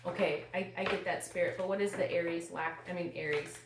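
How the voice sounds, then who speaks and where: A woman's voice: lowish voice, fairly even intonation, fairly quick. Woman doing a pleading tarot reading. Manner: asks questions aloud, pleads and exclaims. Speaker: tarot reader. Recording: roomy with faint noise.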